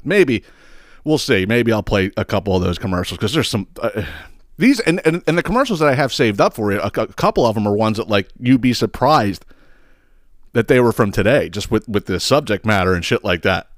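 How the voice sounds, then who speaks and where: A man's voice: on the low side, very animated, a little fast, dry recording, clean studio sound. A man hosting a podcast, ranting in a casual, comic way, swearing a lot and breaking into laughs as he tells stories. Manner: profane, exasperated storytelling with frequent laughs. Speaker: podcast host. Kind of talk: casual comedic rant.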